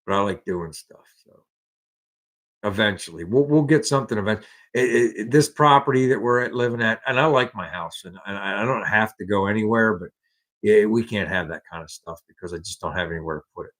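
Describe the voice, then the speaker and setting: A man's voice: lowish voice, fairly quick, a bit bright. A man with an American accent hosting a casual live car-hobby chat, rambling and restarting his sentences. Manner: rambling, repeats words and restarts often. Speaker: podcast host.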